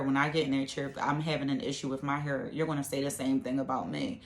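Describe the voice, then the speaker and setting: Very low-voiced chatty woman vlogger. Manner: chatty and rambling, many fillers. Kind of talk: casual chat to camera. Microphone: camera. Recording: echoey room.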